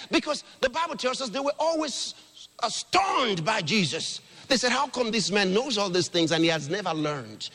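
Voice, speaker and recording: Exclamatory male preacher, high and very lively in pitch, recorded in an echoing hall. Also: normal speed. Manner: exclamatory, calls on the congregation to repeat scripture. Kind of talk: sermon.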